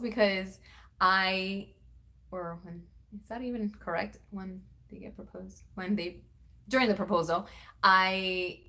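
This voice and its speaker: A young woman vlogger chatting casually, acting out quoted lines with big jumps in pitch. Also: sharp tone. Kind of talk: casual storytelling chat.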